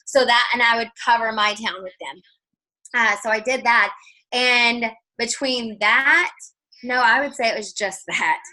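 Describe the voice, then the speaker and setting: Bright-voiced chatty woman. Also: a little high, a little slow, rough recording. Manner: chatty, animated storytelling with quoted dialogue. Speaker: guest speaker. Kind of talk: casual storytelling on a video call. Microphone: video call.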